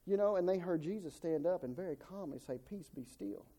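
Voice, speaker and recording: A man delivers a sermon in a homespun style, doubling back on his words and voicing the people in his stories. His voice sits high for a man, yet its tone is mellow and dark. He sounds middle-aged. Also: quick pace. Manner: folksy, repeats words and restarts, acts out quotes. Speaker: preacher.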